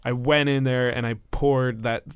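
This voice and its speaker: A man voicing a distraught cyborg son who shouts in anguish and rage. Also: mid-range voice, little pitch movement, normal speed, smooth, no echo, studio quality, voice pushed up, natural voice. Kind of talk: tabletop role-play voicing.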